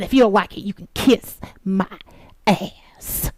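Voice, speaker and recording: A woman delivering an angry, profane vlog monologue, swinging from low mutters to shouted taunts. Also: slow pace, no room sound. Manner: sarcastic taunting, emphatic repetition. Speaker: political commentary vlogger.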